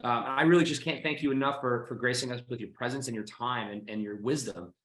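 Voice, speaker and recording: A man's voice: mid-range voice, steady tone, fast talker, a bit bright, slight background noise. A man from Boston hosting a podcast, talking in an effusive, friendly way with lots of fillers. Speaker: podcast host. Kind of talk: casual interview chat. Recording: roomy echo.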